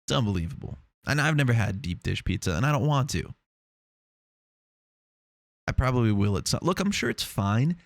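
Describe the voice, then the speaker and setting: Alone on his podcast, a young Long Island guy rambles, curses, gets worked up, and keeps restarting his sentences. He speaks at medium pitch and normal speed with long pauses, and the recording is dry, made on a lav or shotgun mic in a small home studio room treated with foam.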